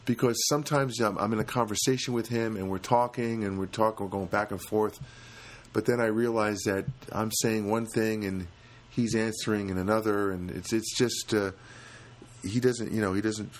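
A man with a lowish voice talks through a solo comedy podcast in a loose, rambling way. He stumbles, restarts and pokes fun at himself as he goes. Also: fairly even intonation, normal speed. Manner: rambling, self-deprecating, many restarts. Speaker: podcast host. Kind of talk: casual comedic monologue.

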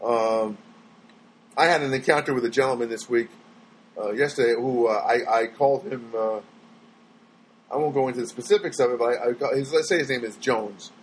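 A man's voice: medium pitch, brisk, a little hiss or hum, poor audio. A man telling everyday stories to his viewers in a rambling, exasperated way, with frequent restarts, and mimicking other people in his quotes. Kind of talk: casual storytelling monologue.

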